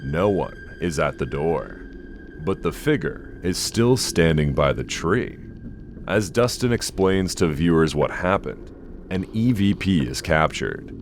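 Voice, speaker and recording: A man giving a scripted horror-list narration in a slow, ominous storytelling manner. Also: sits low, expressive, slight background noise. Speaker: narrator of a countdown list video. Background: soft background music.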